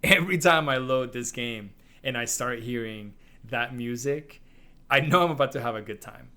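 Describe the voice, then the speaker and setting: A man co-hosting a casual video game podcast, gushing and animated, often laughing. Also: medium pitch, normal speed, clear, resonant tone. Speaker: podcast co-host. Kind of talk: casual game review chat.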